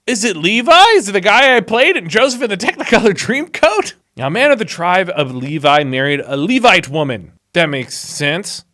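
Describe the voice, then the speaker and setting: A man's voice: high-pitched, sing-song, moderate pace, few pauses, sharp tone. Wry guy quipping through scripture. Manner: sarcastic, quips between verses. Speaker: YouTuber reading the Bible aloud. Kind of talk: casual reading with commentary.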